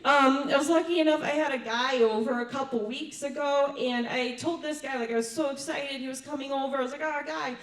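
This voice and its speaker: A middle-aged woman performing a stand-up comedy set, chatty with quick asides and laughing at her own jokes. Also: high voice, fairly even intonation.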